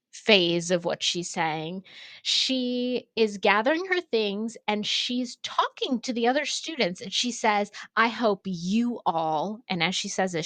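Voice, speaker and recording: A young woman co-hosting a podcast, telling a story in a casual, animated way, acting out quotes and using lots of fillers. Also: mid-range voice, no echo. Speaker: podcast co-host, ceramics studio owner.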